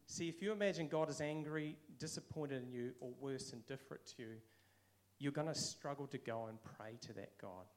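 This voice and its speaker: A man's voice: mid-range voice, fairly quick. A man with a New Zealand accent giving a casual, conversational sermon, now and then acting out quoted voices. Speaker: preacher.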